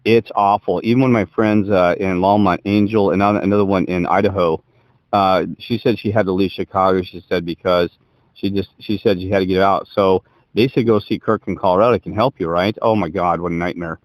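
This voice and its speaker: A man tells a long, winding story at a fast clip, stopping and restarting his sentences with emphatic asides. His voice sits low. The sound is dry and close, with no room around it. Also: fairly even intonation, dry recording. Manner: rambling, self-interrupting, emphatic. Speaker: podcast co-host. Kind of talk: casual chat, rambling storytelling. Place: Colorado.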